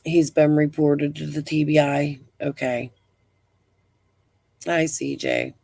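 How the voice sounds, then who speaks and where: A woman's voice: low-pitched, steady tone, takes it slowly, gravelly, darkish tone, slightly rough, no room sound. A middle-aged woman hosting a casual live stream. She talks bluntly, rambles, swears freely and breathes heavily.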